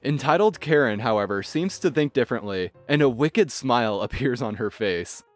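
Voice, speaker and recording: A man narrating online stories in an expressive, scripted storytelling manner. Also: mid-range voice, moderate pace, no room sound. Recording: faint background music. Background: faint music.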